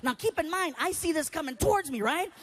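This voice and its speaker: A woman telling a stand-up comedy story, animated and acting out voices and sounds. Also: very high-pitched, brisk, a little hiss or hum.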